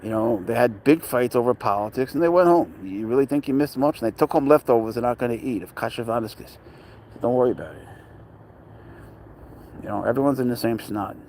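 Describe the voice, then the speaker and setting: A man's voice: mid-range voice, fairly quick, darkish tone, a little hiss or hum. A man chatting casually outdoors at a dog park, joking, talking to his cat and greeting viewers by name. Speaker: pet owner vlogger. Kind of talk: casual rambling chat.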